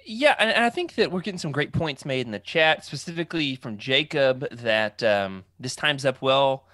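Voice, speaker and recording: Male podcast host, lively up-and-down delivery, jokey, dry close-mic sound. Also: medium pitch, normal speed, dry recording. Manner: animated, joking, reads out chat comments. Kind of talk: casual livestream podcast chat.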